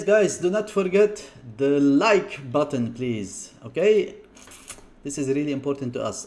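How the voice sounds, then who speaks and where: A man hosting a live stream, talking viewers through charts in a chatty way, repeating words in quick bursts and often apologizing. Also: medium pitch, warm tone. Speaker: livestream trading analyst.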